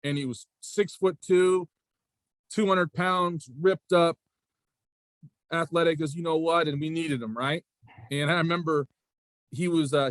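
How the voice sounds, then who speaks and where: A man in his forties, a high school basketball coach and athletic director, telling stories in a casual interview with a rambling manner, often circling back with "again" and "right?". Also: dry recording. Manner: rambling, repeats "again" and "right?", frequent restarts.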